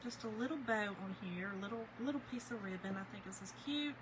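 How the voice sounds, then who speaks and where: A woman hosting a crafting livestream, chatting with viewers in an animated, storytelling way while she works. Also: medium pitch, brisk, background noise. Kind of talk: casual chat while crafting, reading viewer comments.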